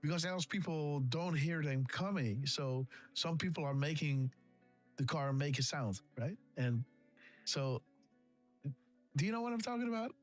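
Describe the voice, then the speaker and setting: This livestream host has a fairly high voice and talks a little slowly but with plenty of animation over soft background music. He laughs, says things more than once, and imitates sound effects.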